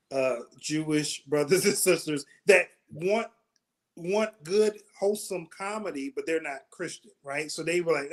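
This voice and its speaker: Male host, high voice, animated chatty storyteller, casual interview. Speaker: comedy show host and producer.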